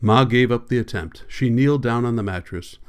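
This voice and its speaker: A man reading a novel aloud as an audiobook narrator, in a plain, unhurried manner, lightly voicing the characters' lines. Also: mid-range voice, clean tone. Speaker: audiobook reader.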